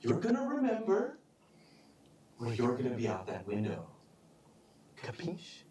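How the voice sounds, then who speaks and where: A man doing a menacing armored brute at a live tabletop show, his taunts swinging wildly up and down in pitch. The sound is distant and echoey, with an audience murmuring in the hall. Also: wildly swooping pitch, a crowd in the background. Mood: threatening. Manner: sarcastic, drawn-out threats, sudden loud jumps. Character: brutal male thug in plate armor, mocking and menacing.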